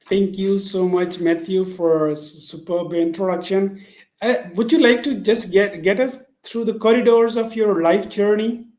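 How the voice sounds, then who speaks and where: A man hosting an interview podcast, effusive and halting, often restarting his sentences. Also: sits high, steady tone, a little mellow, reverberant. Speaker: podcast host.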